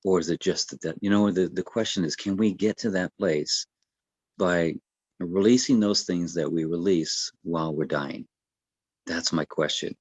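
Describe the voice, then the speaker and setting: A man with a very low voice talks a listener through breathwork in a gentle, easygoing way. He pauses often and restarts his sentences. The recording is close and dry. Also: breathy edge, no room sound. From United States. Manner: gentle, unhurried, with many fillers and restarts. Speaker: breathwork coach. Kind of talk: casual explanatory talk.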